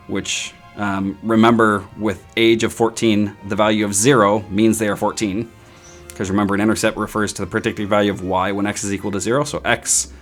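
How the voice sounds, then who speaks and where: A man teaching statistics in a screen-recorded lecture, with playful, self-mocking asides and sudden high-pitched outbursts. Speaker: statistics instructor.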